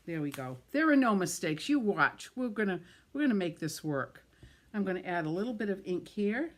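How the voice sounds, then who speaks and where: A fairly low-pitched female voice, with a little hiss or hum in the audio, leads a card-making tutorial while she works. The middle-aged woman is chatty and self-deprecating, laughing off her verbal slips.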